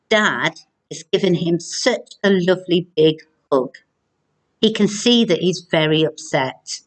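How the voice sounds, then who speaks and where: Woman teacher, low-ish voice, very unhurried, clear and encouraging video lesson for young pupils. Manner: slow, clear, encouraging classroom delivery. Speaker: primary school teacher.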